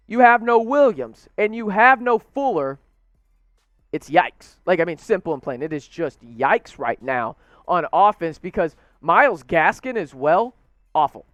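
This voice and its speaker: A young man ranting about his football team in a high, very lively voice that swoops up when he gets worked up. His tone is smooth and clear, recorded close and dry with no room sound. He fires off rhetorical questions in open frustration. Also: dry recording. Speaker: sports show host. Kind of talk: animated sports commentary rant.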